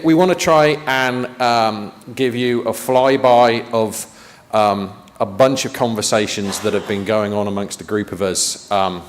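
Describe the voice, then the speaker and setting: A man presents to a conference audience, chatty and fond of dry joking asides. His voice sits a little low. The talk is caught in a meeting hall with a long, lingering reverb. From United Kingdom.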